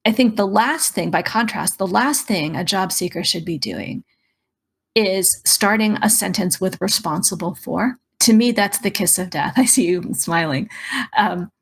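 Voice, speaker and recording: Husky woman coach on a podcast, a bit of vocal fry, really emphatic about her points. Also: medium pitch. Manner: emphatic, persuasive advice-giving. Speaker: career coach and resume writer. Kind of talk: podcast interview answers.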